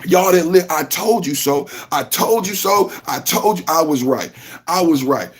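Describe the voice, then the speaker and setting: Guy w running a live podcast, kinda high voice, shouty n repetitive talking to chat. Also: lively intonation, moderate pace, husky. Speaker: podcast host. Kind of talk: livestream reaction commentary.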